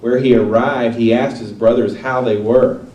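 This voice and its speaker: Male preacher, chatty sermon delivery, warm low tone, recorded from afar in a roomy hall. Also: steady tone, moderate pace. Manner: conversational, asks the audience questions. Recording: echoey room, voice from a distance.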